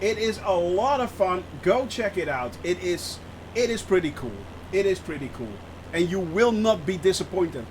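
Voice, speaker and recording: A man streaming a flight simulator, chatting through his flight with lots of fillers and bursts of excitement. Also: high voice, moderate pace, a little hiss or hum. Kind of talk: live gameplay commentary.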